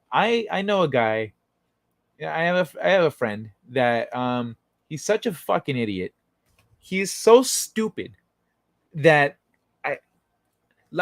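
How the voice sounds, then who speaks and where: A man's voice: medium pitch, no room sound, clean studio sound. A man hosting a casual livestream chat, talking in a rambling, profane way with frequent restarts. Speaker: livestream talk show host.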